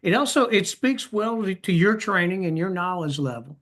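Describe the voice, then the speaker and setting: A man's voice: high-pitched, expressive, moderate pace, fairly bright tone. A man hosting a podcast interview, mostly giving short affirming replies and an occasional reflective comment. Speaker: podcast host. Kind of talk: casual interview chat.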